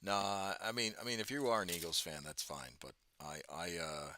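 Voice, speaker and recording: Low-voiced man with faint Boston accent. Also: fairly even intonation, sharp tone. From Boston, New England. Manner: joking, halting with restarts. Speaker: livestreamer painting miniatures. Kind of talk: casual livestream chat.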